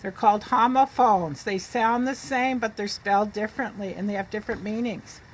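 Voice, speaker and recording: A woman reading teacher giving a phonics lesson to young children. She sounds out letters and words slowly so they can repeat them. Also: medium pitch, poor audio.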